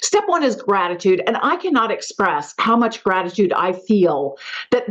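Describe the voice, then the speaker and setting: A woman's voice: mid-range voice, lively intonation, normal speed, fairly bright tone, dull audio. A middle-aged woman hosting a podcast, giving an emphatic motivational talk and repeating mantras. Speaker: podcast host.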